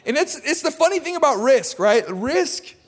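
A man preaching a casual, energetic sermon, chatty and full of self-deprecating humor. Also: extremely high pitch, moderate pace, long reverb tail. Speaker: pastor. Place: church auditorium.

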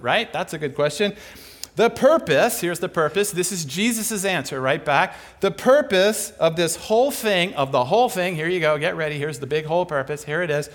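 Male preacher, higher-pitched than average, lively intonation, casual sermon delivery full of rhetorical questions. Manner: animated, conversational, rhetorical questions.

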